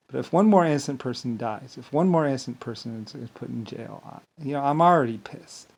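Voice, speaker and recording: A man's voice: mid-range voice, creaky, darkish tone. A man delivering an angry, rambling monologue, swearing, stumbling over words and filling gaps with "blah, blah.". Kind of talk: monologue rant to camera.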